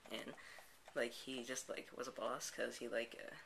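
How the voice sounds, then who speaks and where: A man's voice: medium pitch, little pitch movement, normal speed, vocal fry, background noise. Rambling man telling a made-up story. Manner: rambling, full of "and then, like" restarts. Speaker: let's play host. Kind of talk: improvised spoken story. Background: background music.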